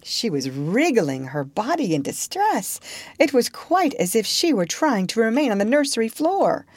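A woman narrating a storybook in a gentle, expressive way. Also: on the high side, normal speed, no echo.

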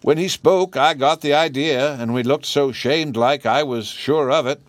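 A man voicing a timid older country husband in a storybook reading, with a husky voice and folksy speech. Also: mid-range voice, normal speed, no room sound, pitched above the performer's own voice, lightly acted. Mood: relieved.

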